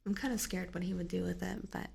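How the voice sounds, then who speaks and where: A young woman streaming ASMR on a binaural microphone, chatting in a soft whisper, rambling and giggling often. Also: lowish voice, steady tone, quick pace, vocal fry, slightly rough. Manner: giggly, rambling with many fillers. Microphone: binaural ear microphone.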